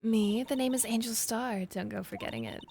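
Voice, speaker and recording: A woman voicing a confident, sultry former detective in a low, sleepy, teasing purr. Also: normal speed, vocal fry, darkish tone, slight background noise.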